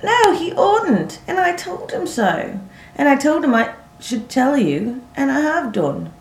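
A woman's voice: sits high, very animated, unhurried, a little hiss or hum, voice pushed up, full character voice. A woman narrator voicing a bold, practical teenage country girl who chatters eagerly, using northern English dialect words. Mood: indignant. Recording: roomy echo.

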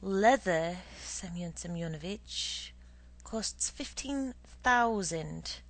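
A woman's voice: lowish voice, lively intonation, takes it slowly, full character voice. Woman doing a timid, doleful superintendent. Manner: hoarse, doleful, whispery. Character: timid stingy male building superintendent.

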